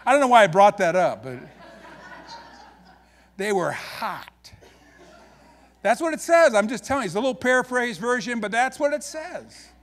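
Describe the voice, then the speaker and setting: A man's voice: very high voice, moderate pace, pauses often. A man with an Upper Midwest American accent preaching a sermon as pastor, folksy and joking as he tells stories. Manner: folksy, joking, animated storytelling.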